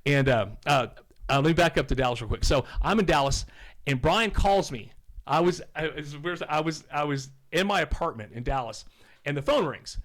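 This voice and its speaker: A man in his fifties from Oklahoma, a podcast guest telling rambling stories in a casual, animated way and swearing now and then. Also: fairly high pitch, a little fast. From Oklahoma, USA. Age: 50s. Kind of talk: casual storytelling.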